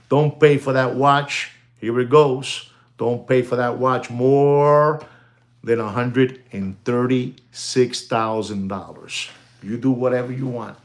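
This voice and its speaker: A middle-aged man giving casual, animated commentary on the watch market, peppering his talk with "you know" and the odd Spanish phrase. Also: mid-range voice. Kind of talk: casual talking-to-camera commentary.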